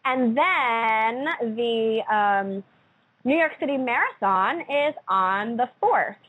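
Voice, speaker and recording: A young woman from Connecticut, a country singer being interviewed on radio, chatting in a giggly, excitable way. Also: on the high side, takes it slowly, slightly rough, no room sound, narrow, tinny audio.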